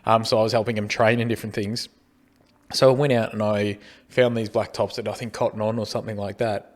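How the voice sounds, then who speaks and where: A man's voice: lowish voice, flat delivery, a little fast. A middle-aged Australian man co-hosting a casual podcast chat, rambling along with many restarts. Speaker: podcast co-host.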